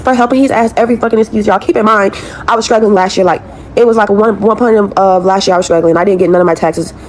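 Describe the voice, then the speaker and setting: Fast-talking young woman venting profanely. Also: mid-range voice, steady tone, a little mellow, slight background noise. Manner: profane, repetitive, exasperated venting. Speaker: woman in a viral video clip. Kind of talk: venting rant to followers.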